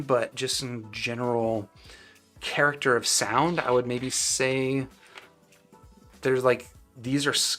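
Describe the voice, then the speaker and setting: A man's voice: medium pitch, a bit bright. A man hosting a live stream, casually answering viewers' chat questions with loose, rambling talk full of fillers and restarts.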